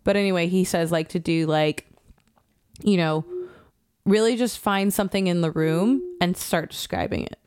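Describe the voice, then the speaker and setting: A woman's voice: fairly low pitch, normal speed, darkish tone, clear, resonant tone, dry recording, clean studio sound. A woman hosting a podcast in casual chat, chatty and full of "um"s. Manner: chatty, frequent "um", laughs easily. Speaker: podcast host.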